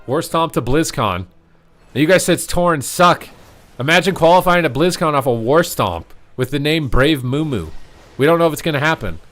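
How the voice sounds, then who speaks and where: A man giving slangy, joking live commentary on an esports match, yelling at the big plays. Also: mid-range voice. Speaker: streamer casting an esports match.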